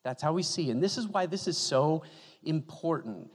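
A man preaching a sermon as pastor, animated and joking, moving from loud bursts to hushed asides. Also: fairly high pitch, normal speed, husky. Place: church hall. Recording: long reverb of a hall.

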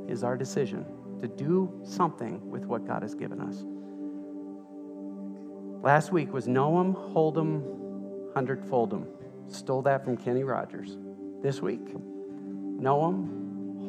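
A man preaching a sermon as pastor, playful and animated as he tells a story. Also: medium pitch, gravelly. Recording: reverberant hall with music underneath.

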